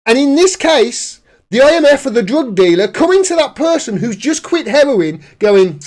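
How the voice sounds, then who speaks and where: A man's voice: very high-pitched, big pitch swings, normal speed, a little mellow. A man in casual commentary, reading out news articles and mocking them sarcastically, laughing as he goes. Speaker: political commentator.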